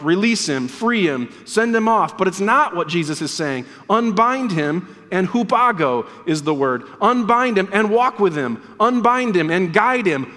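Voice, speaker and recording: A man's voice: sits high, a bit bright. A man preaching a sermon in a church as pastor, earnest and emphatic, repeating key words for weight. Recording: long reverb of a church hall.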